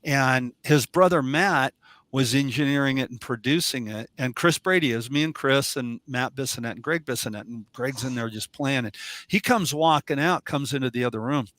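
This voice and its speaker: A man's voice: medium pitch, moderate pace, no echo. A man, a drum teacher, chatting casually on a podcast and telling stories with lots of restarts. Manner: animated storyteller with many restarts. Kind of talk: casual chat.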